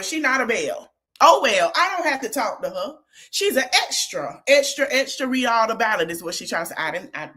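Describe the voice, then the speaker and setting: A woman hosting a podcast, retelling a reality TV episode in a chatty, animated way with sassy asides. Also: fairly high pitch. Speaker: podcast host. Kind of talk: casual reality TV recap.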